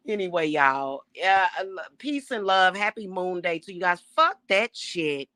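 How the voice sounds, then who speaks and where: A woman's voice: on the low side, measured pace, a bit bright, no room sound. Middle-aged woman going off to camera, cussing a lot, defiant and blunt, dry close sound. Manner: emphatic, profane, defiant. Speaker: self-styled high priestess and spiritual reader. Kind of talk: casual spiritual rant to camera.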